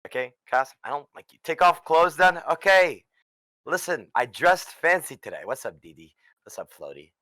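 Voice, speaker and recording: A man from the Caribbean, a guest streamer joking crudely with viewers in casual chat, switching between mutters and shouts. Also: on the high side, big pitch swings, normal speed, no echo, studio quality.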